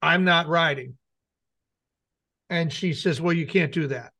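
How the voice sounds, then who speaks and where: Middle-aged man, light high voice, casual co-host who tells long anecdotes and plays out the dialogue himself. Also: unhurried, pushed and bright. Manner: rambling anecdote with acted-out quotes. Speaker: radio show co-host. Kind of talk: casual storytelling chat.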